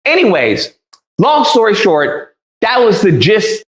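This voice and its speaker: A man's voice: high-pitched, takes it slowly. A man in a played clip retelling an argument, defiant and repetitive. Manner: defiant, repetitive, lively storytelling. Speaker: interview guest telling a story. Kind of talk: recounting an argument on a podcast. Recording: roomy echo from a played clip.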